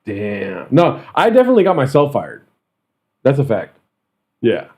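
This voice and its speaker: A man's voice: medium pitch, wildly swooping pitch, normal speed, darkish tone. A young man hosting a podcast, chatting casually, joking, laughing a lot and swearing freely. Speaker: podcast host. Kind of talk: casual chat.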